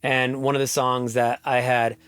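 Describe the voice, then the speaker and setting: A middle-aged man speaking as a guest in an interview. His voice is close and dry, with no room sound, and sits at an everyday pitch. He tells stories with lively energy and laughs easily along the way. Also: normal speed, clean tone, no room sound. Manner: animated, laughs while telling stories. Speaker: musician guest. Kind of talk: casual interview storytelling.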